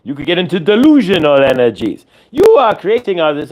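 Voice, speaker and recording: Man, somewhat high voice, channeled spiritual teaching, speaks as "we", repetitive, instructive. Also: wildly swooping pitch, a little fast, a little mellow. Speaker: spiritual channel and show host.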